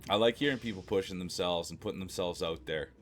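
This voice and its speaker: A man chats away on a home live stream, greeting viewers by name in a friendly, rambling way and circling back to repeat himself. His voice sits fairly low. A faint hum of room ambience hangs behind him. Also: quick pace. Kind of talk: casual chat with live viewers.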